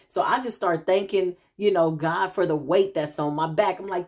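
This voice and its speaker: A woman's voice: fairly low pitch, normal speed, hardly any pauses. A middle-aged woman, a self-described healer, telling a casual vlog story and acting out the people she quotes, calling viewers y'all.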